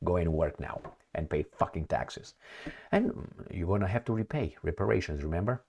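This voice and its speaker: A very deep-voiced man talks straight to his viewers in a loose vlog commentary. He rambles and mocks, breaking off into asides and chuckles, and his tone stays sarcastic throughout. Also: normal speed, vocal fry, husky. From Romania. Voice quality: sarcastic, mocking. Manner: rambling, animated, frequent fillers and laughs. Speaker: political commentary vlogger.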